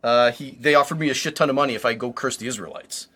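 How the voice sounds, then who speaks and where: A man's voice: medium pitch, fast talker, bright, forceful tone. A man voicing a shifty male prophet who answers in a sulky, offhand way. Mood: defensive.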